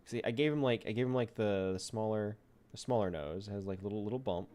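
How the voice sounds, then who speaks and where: A man's voice: on the low side, fast, a little mellow. A man streaming live as a VTuber, chatting casually and rambling playfully to himself while he draws.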